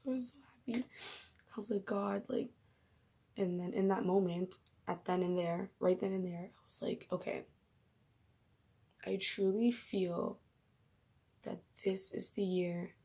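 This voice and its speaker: A woman's voice: on the low side, level tone, takes it slowly, long pauses, mellow, breathy edge. A young woman vlogging casually about her faith, emotional and gushing, often dropping into whispers.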